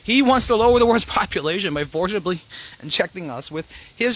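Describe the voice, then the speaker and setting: High-pitched angry man ranting. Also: lively intonation, fast talker. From Canada. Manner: profane, swings between shouting and muttering. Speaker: show host. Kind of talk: angry political rant to camera.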